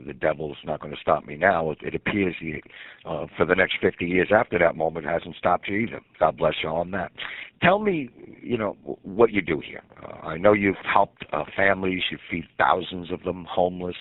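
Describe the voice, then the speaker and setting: Man hosting radio interview, very low voice, dry phone-like sound, encouraging questions. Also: no echo. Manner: encouraging, asks long winding questions. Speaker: radio host.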